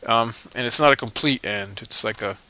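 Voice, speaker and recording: A man's voice: medium pitch, normal speed, pushed and bright. A young man hosting a let's play, giving casual, rambling gameplay commentary in a joking, self-mocking way.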